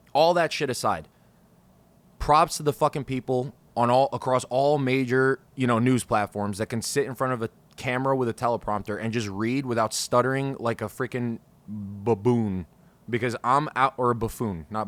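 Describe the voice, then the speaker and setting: A man's voice: medium pitch, steady tone, normal speed, a bit bright, no echo. Rambling, frustrated male podcast host. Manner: frustrated, rambling, swears freely. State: over-caffeinated, scattered. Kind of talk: casual solo podcast talk. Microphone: podcast microphone.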